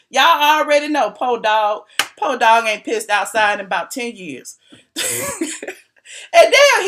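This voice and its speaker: High-pitched woman dishing gossip to her viewers, sassy and teasing, laughs a lot. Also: fairly bright tone. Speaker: YouTube commentary host.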